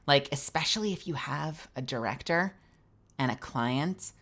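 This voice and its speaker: A woman voice actor chatting casually on a live stream, animated, swearing freely and explaining voice acting to her viewers. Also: low-pitched, unhurried.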